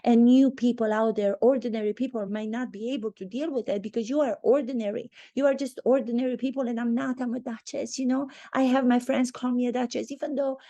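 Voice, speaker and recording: A woman mockingly voicing a haughty, self-important woman celebrity in a breathy, exaggerated sing-song voice. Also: fairly high pitch, steady tone, fast talker, few pauses, dark tone, pitched above the performer's own voice, lightly acted. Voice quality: breathy put-on whisper.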